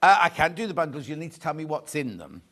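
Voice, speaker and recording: A man's voice: fairly high pitch, big pitch swings, quick pace, pushed and bright. A man presenting live shopping TV from a studio, chatting, joking and correcting himself as he reads out viewer messages. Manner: chatty, jokey, self-correcting as he goes. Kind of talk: live selling chat, reading viewer messages.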